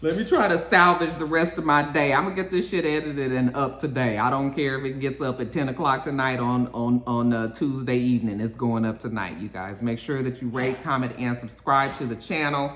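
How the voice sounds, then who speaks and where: A TV show reviewer chatting casually through an episode recap while cooking at home, animated, with frequent "okay"s. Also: mid-range voice, brisk, hardly any pauses, slight background noise. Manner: animated storytelling, tag-on okays. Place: home kitchen. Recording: echoey room.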